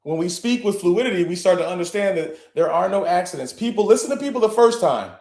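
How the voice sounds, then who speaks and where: Guy hosting a live session, brash n sweary, high voice, roomy echo. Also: expressive, quick pace. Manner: profane, boastful, blunt, with bursts of laughing and shouting. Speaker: host of a live online session. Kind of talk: brash motivational talk.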